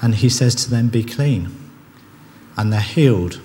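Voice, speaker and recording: This sermon comes from a man whose mid-range voice is warm in tone and a little fast. He speaks earnestly and conversationally, restarting his sentences often, and the church recording has long hall reverb, faint ambience, and a little hiss or hum.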